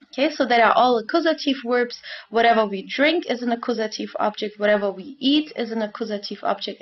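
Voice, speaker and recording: A woman teaching grammar over slides in a patient, repetitive way, full of fillers and reminders. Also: a little high. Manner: patient, repeats points, many fillers. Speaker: German teacher. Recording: dull lo-fi sound.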